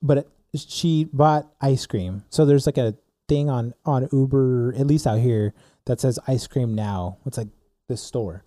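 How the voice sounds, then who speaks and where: A man's voice: mid-range voice, measured pace, no echo, clean studio sound. A young man casually telling a rambling story on a podcast, full of "like" and "dude". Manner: rambling, animated storyteller with many "like"s. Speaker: podcast co-host.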